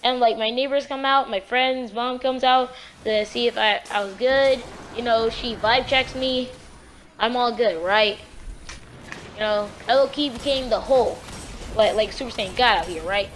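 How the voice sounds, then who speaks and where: A woman casually telling a true story on her vlog in a rambling, slangy, animated way. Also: on the high side, slight background noise.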